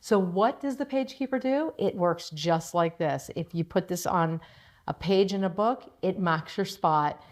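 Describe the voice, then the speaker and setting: Upbeat woman teaching a sewing project. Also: mid-range voice. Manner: upbeat, chatty, step-by-step explaining. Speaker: quilting shop host and sewing instructor. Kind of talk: casual sewing tutorial.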